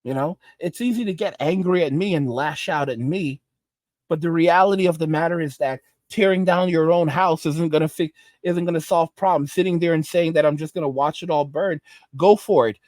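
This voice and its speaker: Here a man who hosts a commentary channel rants fairly quickly in a somewhat high, slightly mellow voice. He lectures with exasperation and keeps restarting and repeating, all captured in a dry, close recording with no ambience.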